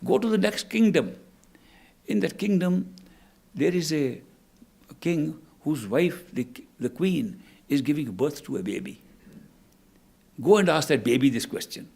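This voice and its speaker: A man voicing a calm, kindly male creator god who patiently gives instructions, in a gravelly, husky voice. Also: fairly high pitch, unhurried, long pauses, voice pushed up, exaggerated voice. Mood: instructing.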